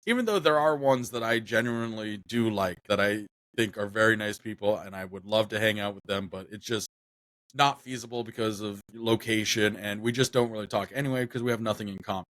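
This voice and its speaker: A man's voice: on the low side, a little fast, fairly bright tone, dry recording, studio quality. A young man chatting casually on a podcast, rambling with lots of fillers and restarts. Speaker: podcast co-host.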